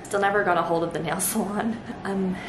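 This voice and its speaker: A woman's voice: medium pitch, fairly even intonation, fairly quick, echoey room, noisy background. A young woman in her twenties chatting casually to camera for her vlog, gushy and giggly. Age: 20s. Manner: bubbly, gushing, giggly. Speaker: vlogger. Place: home, indoors.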